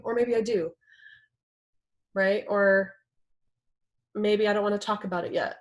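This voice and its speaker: A young adult woman leads a class on communication, speaking in a relaxed, chatty way. She peppers her points with "right?" and "like". Her voice sits at an everyday middle pitch. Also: unhurried, long pauses. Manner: conversational, uses "right?" and "like" often. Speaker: workshop instructor. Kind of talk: teaching a class.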